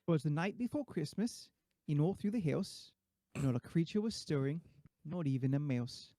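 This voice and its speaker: A man's voice: fairly high pitch, expressive, normal speed, dark tone, no echo, close to an everyday voice. A man putting on a mock Kiwi-accented poem reader. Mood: playful. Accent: mock New Zealand. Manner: breaks off into asides and laughs. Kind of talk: comic poem reading.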